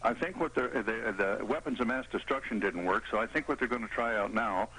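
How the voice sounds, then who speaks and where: A man's voice: on the low side, brisk, pushed and bright, low-quality recording. A man calling in to a political talk show, speaking in an agitated, argumentative way. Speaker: caller. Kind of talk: political call-in.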